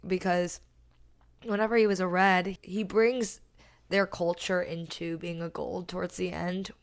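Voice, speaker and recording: A woman's voice: lowish voice, flat delivery, a little slow. A woman co-hosting a book podcast in casual chat, talking in a loose, rambling way. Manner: chatty, trails off and restarts. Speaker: podcast co-host.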